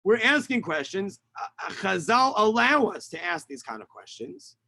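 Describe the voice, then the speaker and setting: Man, high voice, bright tone, dry close sound, rabbi explaining texts on a video call. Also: big pitch swings, moderate pace, no echo. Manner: explanatory, translates Hebrew lines as he reads, many fillers. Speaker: rabbi teaching. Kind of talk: online lesson on Tisha B'Av kinot. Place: home setup on a video call. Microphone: video call mic.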